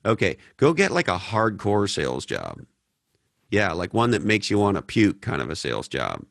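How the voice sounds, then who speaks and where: A man's voice: sits low, wildly swooping pitch, normal speed, creaky, a bit bright, no echo, studio quality. A man from Canada hosting a podcast Q&A, blunt and profane, telling stories in a casual way. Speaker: podcast host. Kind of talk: casual Q&A talk.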